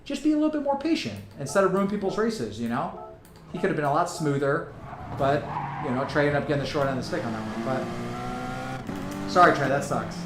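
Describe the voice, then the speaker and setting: A man's voice: on the high side, lively intonation, fairly quick. A man streaming a racing game, chatting casually to viewers and leaning hard on likes and you-knows. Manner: chatty, talks straight to chat, many likes and you-knows. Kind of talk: casual live-stream commentary. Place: home room with racing rig. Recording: roomy sound over game music and engine noise.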